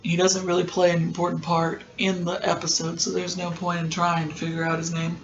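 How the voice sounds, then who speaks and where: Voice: medium pitch, monotone, a little fast, slight background noise. Chatty podcaster with a dull lo-fi sound. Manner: chatty, digressive, with frequent ums and asides. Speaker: podcast host. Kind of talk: casual episode recap.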